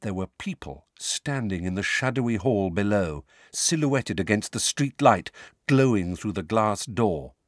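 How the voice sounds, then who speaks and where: A man reading an audiobook in scripted narration, with expressive storytelling. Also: lowish voice, unhurried, no echo, clean studio sound.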